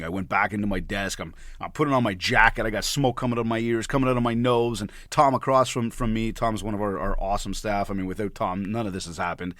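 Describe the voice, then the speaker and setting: A man of about forty, a podcast host, telling an animated story and often repeating words as he gets worked up. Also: fairly low pitch, quick pace, few pauses, no echo. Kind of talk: storytelling monologue.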